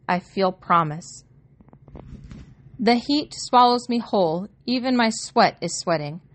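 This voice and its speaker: Woman audiobook narrator, wry and conversational, first-person telling. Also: medium pitch.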